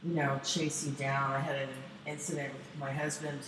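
Lower-pitched woman, relaxed conversationalist, distant mic in a reverberant room with faint noise. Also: moderate pace. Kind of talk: casual chat.

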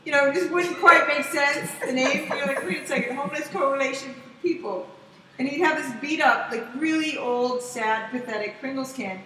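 Excitable, foul-mouthed woman raconteur, bright and high, recorded far off in a roomy hall with faint hiss. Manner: profane, excitable, acts out quotes loudly. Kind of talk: animated casual storytelling. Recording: echoey room, distant mic, faint noise.

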